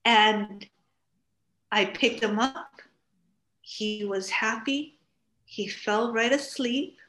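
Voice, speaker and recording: A woman's voice: on the high side, extremely slow. A middle-aged woman from Hawaii, guest on a talk show, telling stories casually and acting out what people said. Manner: animated, acts out quoted speech. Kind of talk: casual storytelling. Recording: roomy studio echo.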